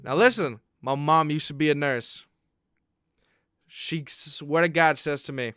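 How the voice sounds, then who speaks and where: A young man co-hosting a podcast, telling an animated, profane story in casual chat and laughing along as he goes. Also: fairly high pitch, unhurried, smooth, no room sound, studio quality. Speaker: podcast co-host.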